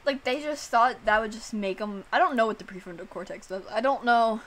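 Animated, foul-mouthed streamer woman. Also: a little high, fairly quick. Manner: animated, swearing, heavy use of "like". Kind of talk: casual stream chat.

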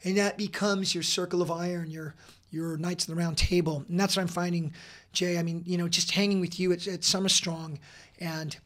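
A middle-aged man talking as a podcast guest, earnest and energetic, with many fillers and restarts. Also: high-pitched, moderate pace. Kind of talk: casual interview talk.

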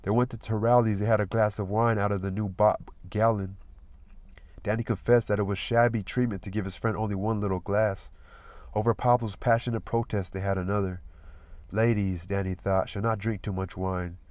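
A man reading a novel aloud as narrator, in a steady, measured storytelling manner. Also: on the low side, no room sound. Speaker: audiobook reader.

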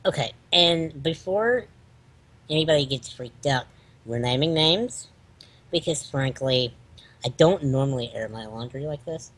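A man's voice: fairly high pitch, animated, measured pace, fairly bright tone. A man co-hosting a casual chat, talking hesitantly with frequent ums while telling a personal story. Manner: hesitant, filler-heavy storytelling. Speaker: podcast co-host.

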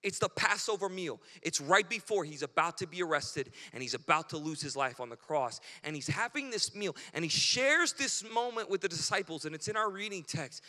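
A man's voice: on the high side, expressive, a little fast, hardly any pauses, sharp tone. A male pastor preaching a sermon in a casual, conversational way, often checking in with the congregation. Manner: conversational, keeps checking in with "right?". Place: church sanctuary. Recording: long church hall reverb.

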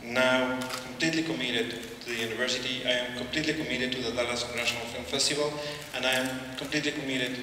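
A middle-aged man with a Mexican Spanish accent gives a halting acceptance speech with joking asides, often repeating his words. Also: mid-range voice, fairly even intonation, a little hiss or hum. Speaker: award recipient giving an acceptance speech. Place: large hall at an awards ceremony. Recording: echoey hall, voice from far off.

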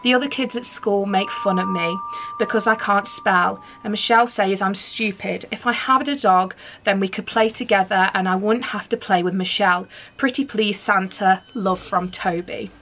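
A woman's voice: medium pitch, moderate pace, a bit bright, a little hiss or hum, natural voice. A woman doing a timid little boy, pleading. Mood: earnest. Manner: earnest, pleading.

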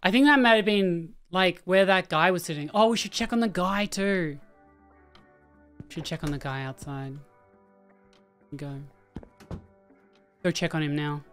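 A woman's voice: lowish voice, a little slow, pauses often, clear, resonant tone. A woman casually talking through a horror game as she plays, thinking aloud and chatting to the characters on screen. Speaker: gaming streamer. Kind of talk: casual let's-play commentary. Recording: faint game music behind.

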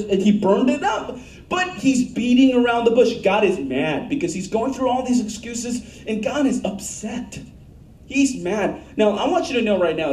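Blunt, emphatic preacher in an echoey church. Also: male voice, sits high, darkish tone, far from the mic, slight background noise. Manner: blunt, emphatic preaching with asked-for audience answers. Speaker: pastor. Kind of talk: sermon.

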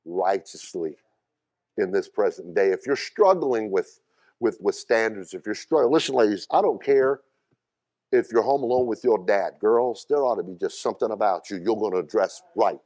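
Emphatic man preaching a sermon. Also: moderate pace. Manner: emphatic preaching with sudden loud high bursts and quieter asides; repeats words and calls out questions to the congregation. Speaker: pastor.

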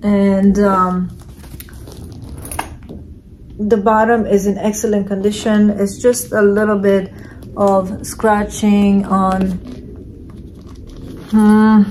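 A woman vlogger casually unboxing and reviewing secondhand handbags, talking in an unhurried, hesitant way with many fillers. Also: mid-range voice, level tone, darkish tone, a little hiss or hum. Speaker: reseller vlogger.

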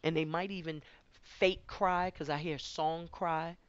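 A woman's voice: low voice, fairly even intonation, unhurried, clean tone, dry recording, highs cut off. A woman giving a conversational spiritual tarot reading, rambling and often repeating her words. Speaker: tarot card reader.

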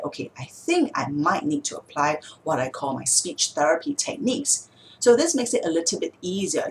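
Woman, speech therapist, deep voice, patient step-by-step explaining, slight background noise. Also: poor audio. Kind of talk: explanatory video talk.

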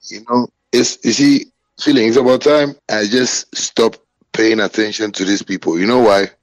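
A man's voice: fairly even intonation, moderate pace, no room sound, poor audio. A man from Ghana with a Ghanaian English accent, ranting indignantly and bragging as he answers a critic. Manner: indignant, bragging, rising pitch when worked up. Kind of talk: heated boastful rant.

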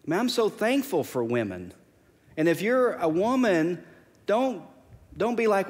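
Lively-voiced man preaching in a hall. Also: high voice, moderate pace. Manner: emphatic preaching, repeating key phrases. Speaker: pastor. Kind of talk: sermon. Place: church sanctuary.

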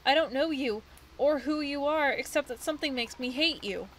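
A woman voices a tree-bound dryad whose mind is clouded by rage. She speaks higher and louder than her usual voice, lashing out and then apologizing in the same breath, in the erratic manner of a game figure. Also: normal speed, close to an everyday voice, poor audio. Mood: strained. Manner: swings between hostility and apology. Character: rage-addled female dryad, tree spirit, erratic and snappish. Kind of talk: reading game dialogue aloud.

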